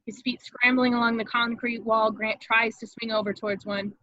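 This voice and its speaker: A woman reads the stage directions with dramatic, expressive energy. Her voice is bright and slightly high. The sound is dry, close and a little muffled and lo-fi. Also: moderate pace, dry recording. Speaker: narrator reading stage directions. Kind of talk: table read narration.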